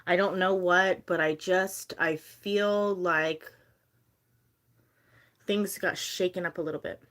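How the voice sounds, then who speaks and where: A young woman chatting casually on a live stream while she packs bracelet orders. She talks in a chatty, animated way and fills her stories with "like" and quoted dialogue. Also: lowish voice, slow pace. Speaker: livestreamer selling handmade bracelets.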